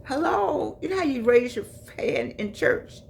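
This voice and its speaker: A woman in her eighties shares stories from her life in a chatty, animated way, talking straight to her viewers. Her voice sits in a middle pitch with a noticeable gravelly texture. Faint background noise sits under her speech. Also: unhurried. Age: 80s. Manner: lively, chatty storytelling with laughs and direct asides. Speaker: memoir vlogger. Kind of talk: personal storytelling.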